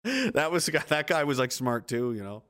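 A man's voice: on the high side, sing-song, moderate pace, a bit bright. A man hosting a casual livestream, reading viewer comments aloud and answering with blunt, profane, exasperated rants.

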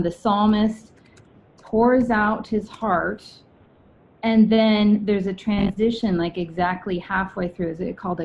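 Earnest woman sharing a devotional over a video call. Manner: earnest, reflective, with frequent fillers and restarts. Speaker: church member sharing a devotional. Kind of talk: informal devotional talk. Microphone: video call mic. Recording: dull lo-fi video call audio with faint rumble.

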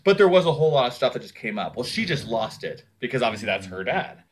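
A man's voice: medium pitch, fast. A man telling a long personal story in casual conversation, swearing freely and acting out what other people said. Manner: animated, acts out other people's words.

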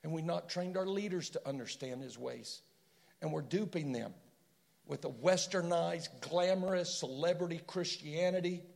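Gravelly, passionate male preacher. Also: a little high, moderate pace. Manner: passionate and conversational, swinging from loud to hushed. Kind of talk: sermon. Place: prayer room.

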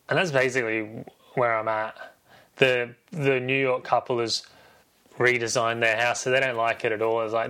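A man's voice: mid-range voice, little pitch movement, moderate pace, pushed and bright, smooth. Rambling, jokey man recapping a film. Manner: rambling, self-correcting, jokey. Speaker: podcast host.

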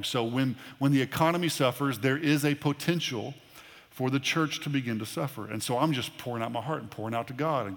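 A long reverb tail follows this man's mid-range voice as he preaches. The pastor sounds earnest and conversational, often doubling up words when starting a phrase.

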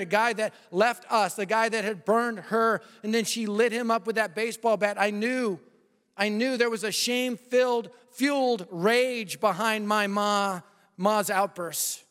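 A man preaching an evangelistic sermon, swinging from loud proclamation to hushed, intimate appeals to the listeners. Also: high voice, clear, resonant tone. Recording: long hall reverb.

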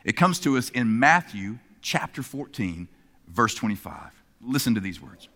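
Guy preaching a sermon, bright a bit high voice, goes loud then hushed, long hall echo. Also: normal speed. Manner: expressive, swinging between emphatic and hushed delivery. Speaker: pastor.

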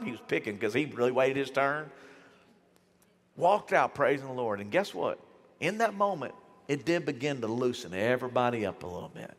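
A man preaching a sermon as pastor, casual and animated, slipping into slang and acting out the voices of people in his stories. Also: medium pitch, brisk. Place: church hall. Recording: church hall with long reverb.

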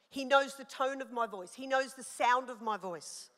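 Woman pastor, high and bright, sermon delivery with long hall reverb. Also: normal speed, hardly any pauses. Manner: animated, personal storytelling with rising emphasis.

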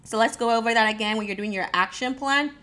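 A woman's voice: a little high, fast talker, bright, forceful tone. A woman from Jamaica coaching her listeners on goals and budgeting in a loose, encouraging way. She stumbles and restarts, doubles words and leans on "um" and "you know" as she goes. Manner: repeats words, frequent fillers and restarts; encouraging, addresses listeners directly. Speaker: speaker giving advice on goal setting. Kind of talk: casual motivational talk.

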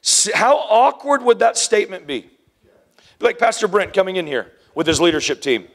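A man preaching a sermon, animated, acting out scenes with hushed whispers and playful voices. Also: sits high, brisk.

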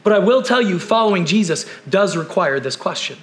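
A man preaching a conversational sermon, repeating key phrases and firing off rhetorical questions, then dropping to quiet, slow emphasis. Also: sits high, lively intonation, faint music behind. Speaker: pastor.

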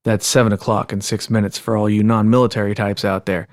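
A man's voice: lowish voice, little pitch movement, a little fast, dry recording, clean studio sound. A man hosting a podcast, chatty and joking, talking straight to listeners. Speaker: podcast host. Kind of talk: casual podcast chat.

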